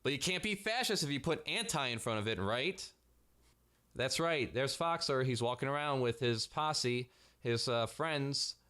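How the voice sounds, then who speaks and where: Male vlogger, mid-pitched, sarcastic and foul-mouthed, exasperated ranting commentary. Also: lively intonation, unhurried, pushed and bright. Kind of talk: commentary rant.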